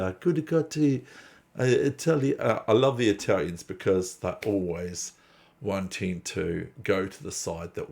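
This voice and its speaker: Chess host, New man, low gravelly voice, meandering casual chatter. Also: a little mellow. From New Zealand. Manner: digressive, chatty, self-deprecating. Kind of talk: casual rambling commentary.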